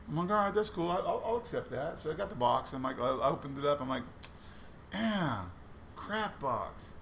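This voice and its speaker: Male vlogger, raised pitch, gravel in the voice, rambling storyteller, faint hiss behind. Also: animated, fast talker, a bit bright. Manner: chatty storytelling with many restarts. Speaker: coin roll hunting vlogger. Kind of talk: casual chat while searching coins.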